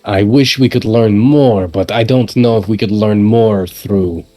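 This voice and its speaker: A man voicing a stern, suspicious male adventurer in a tabletop role-playing game, speaking in a measured, insistent way. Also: on the low side, dark tone, soft background music, close to an everyday voice. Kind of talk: in-character tabletop role-play.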